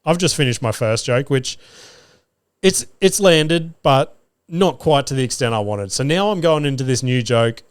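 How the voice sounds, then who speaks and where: With a clear, resonant mid-range voice, an Australian podcast host and stand-up comedian talks expressively at a moderate pace. He tells casual stories, swearing freely and acting out what he said. The clean studio recording has no room sound.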